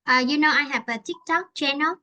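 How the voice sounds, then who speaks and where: Vietnamese lady teacher, southern accent, bright high voice, rambles through explanations with lots of fillers. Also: a little fast, low-quality recording. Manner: chatty, explains at length with many fillers and restarts. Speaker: English teacher. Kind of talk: conversational English tutoring.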